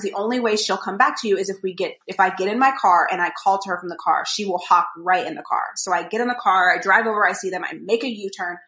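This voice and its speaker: A young woman chats on a podcast, telling a story that wanders, full of fillers and acted-out quotes. Her voice sits at a middle pitch and carries echo from the room around her. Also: pushed and bright. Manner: rambling storyteller, many fillers, acts out quotes. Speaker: podcast co-host. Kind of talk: casual chat.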